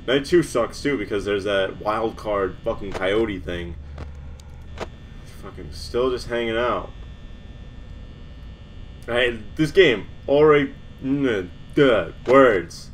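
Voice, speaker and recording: Young man, panicky game commentary, stammering, slow talker, faint background hiss. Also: lowish voice. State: shaking with nerves. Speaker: gamer.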